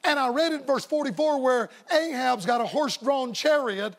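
A man preaching a revival sermon as a staff evangelist, folksy and emphatic, sometimes rising to shouts. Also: very high voice, moderate pace.

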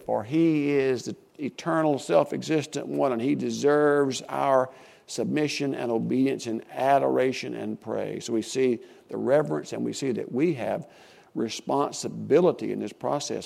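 An older man preaching a sermon as pastor, emphatic, dropping to a hush and rising to a boom, drawing out key words. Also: creaky. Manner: emphatic, swings between hushed and booming, drawn-out stressed words.

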